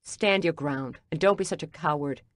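A woman's voice: low-pitched, normal speed, no echo, lightly acted. A woman reading an audiobook, voicing a hurt, angry man who speaks in a brusque, cutting way. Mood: bitter. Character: angry wounded man arguing with his ex.

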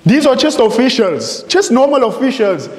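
Preaching a sermon in a very high-pitched, sing-song voice at normal speed, a man reads from printed sources. He's emphatic, repeating phrases and posing rhetorical questions, in an echoey room with long reverb.

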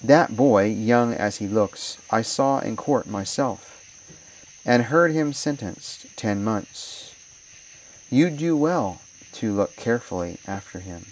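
A man's voice: on the low side, lively intonation, takes it slowly, recorded from a distance, heavily acted, poor audio. A man reading a curt old-time peddler. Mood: blunt. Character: blunt travelling peddler man.

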